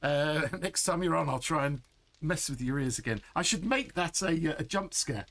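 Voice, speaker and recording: A man's voice: fairly high pitch, lively intonation, normal speed, a bit bright. A middle-aged man chatting through a live gameplay stream, laughing often and answering chat. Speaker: game streamer.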